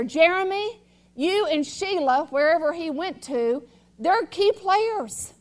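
A woman pastor preaching a sermon in a church, emphatic and building to loud exhortation. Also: high voice, expressive, slow. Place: church sanctuary.

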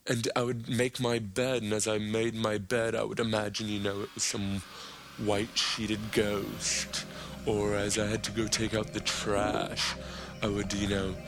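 A man doing a rambling comedic monologue as a podcast host, slipping into high silly voices when he quotes people. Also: level tone, unhurried, soft background music. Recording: loud background noise.

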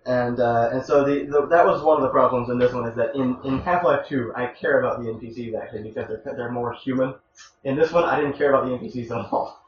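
A man's voice: medium pitch, fast talker. Rambling man on a roomy, distant lo-fi mic. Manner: rambling, self-interrupting, exasperated at interruptions. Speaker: podcast host presenting a game review. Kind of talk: casual chat. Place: room shared with two co-hosts on a live stream. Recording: roomy, distant, dull lo-fi mic with faint noise.

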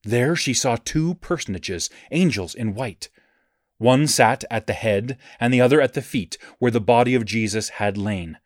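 A man's voice: mid-range voice, dry recording, studio quality. Solemn man reading scripture story. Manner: solemn, measured, reverent. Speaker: narrator.

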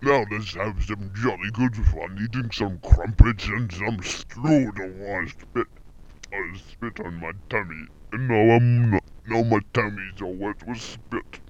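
A man's voice: fairly low pitch, a little slow, natural voice. A man playing a crude, mocking fake British troublemaker in a silly amateur comedy podcast, with a lo-fi sound. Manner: silly, crude, shifting voices.

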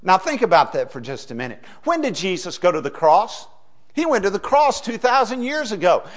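A middle-aged man preaching a sermon as pastor, folksy, swinging from hushed asides to loud emphasis. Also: high-pitched, very animated, brisk.

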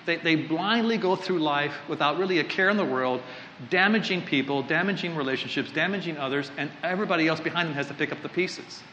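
Chatty preacher in an echoey hall. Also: male voice, a little high, fast, sharp tone, slight background noise. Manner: conversational, rambling, self-interrupting. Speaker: pastor. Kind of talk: sermon with joking asides. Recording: echoey hall, slightly dull sound.

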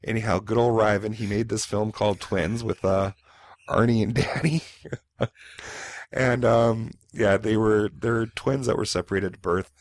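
Deep-voiced man rambling about movies. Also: fairly even intonation, dry recording, studio quality. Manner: rambling, halting, with many fillers. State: hungover. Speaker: podcast co-host. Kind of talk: casual movie review chat.

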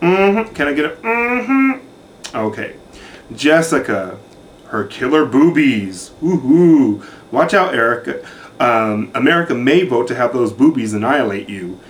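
Campy, catty man with a lively voice. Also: mid-range voice, a little slow, a little hiss or hum. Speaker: reality show commentator. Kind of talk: sassy recap commentary.

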